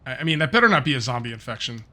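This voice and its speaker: A man's voice: mid-range voice, very animated, very fast, pushed and bright. A middle-aged man giving casual, rambling commentary while playing a survival game, thinking aloud and muttering to himself. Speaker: gaming video host.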